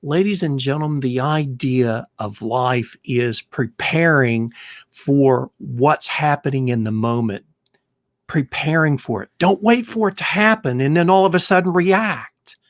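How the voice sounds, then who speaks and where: A man's voice: medium pitch, measured pace, dry recording, studio quality. A man hosting a retirement planning show, talking straight to his viewers and telling a long parable in an earnest, repetitive way. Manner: earnest storytelling, repeats himself when telling a parable. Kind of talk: direct-to-camera talk.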